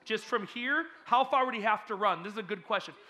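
A man speaking as a youth pastor to a group of kids, energetic and teasing, quizzing the audience with playful questions. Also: high-pitched, fairly quick. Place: church hall.

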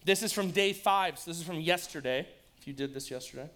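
A youth pastor with a high voice delivers an upbeat sermon to teenagers. He jokes, teases his audience and talks to them directly. His tone is bright and energetic. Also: a little fast. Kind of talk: lively youth-group sermon.

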